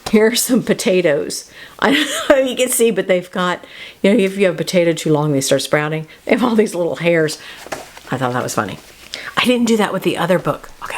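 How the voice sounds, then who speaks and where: A woman hosting a casual book talk who chats loosely, often laughs and breaks off mid-sentence. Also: mid-range voice. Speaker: host. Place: home studio.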